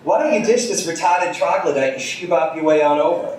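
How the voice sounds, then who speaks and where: Man putting on a loud flirty Brooklyn gal, high-pitched, far off in an echoey hall. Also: expressive, a little fast, lightly acted. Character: brassy flirty woman with Brooklyn accent. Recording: distant, echoey live theater recording.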